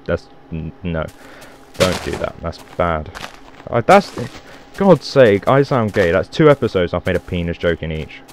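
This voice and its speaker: Man, deep voice, very lively intonation, rambling jokey game commentary, swears. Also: moderate pace. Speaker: Minecraft let's player. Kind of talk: casual gameplay commentary.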